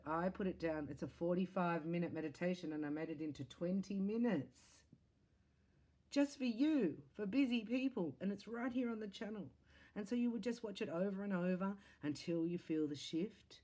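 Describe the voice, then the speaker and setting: A woman giving an earnest, encouraging tarot reading to camera, with an animated, sing-song delivery that swings widely in pitch and loudness. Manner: earnest, encouraging spiritual talk. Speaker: psychic tarot reader.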